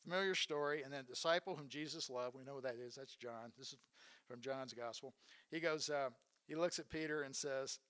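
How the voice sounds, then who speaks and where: A man's voice: mid-range voice, brisk, fairly bright tone, smooth. A man preaching a sermon, retelling Bible stories in an earnest way and asking his listeners rhetorical questions.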